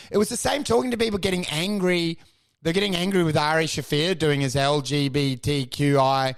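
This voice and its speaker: A man's voice: fairly high pitch, fairly even intonation, a little fast, gravelly. A man co-hosting a comedy podcast, ranting and swearing in casual banter, mimicking people in exaggerated voices.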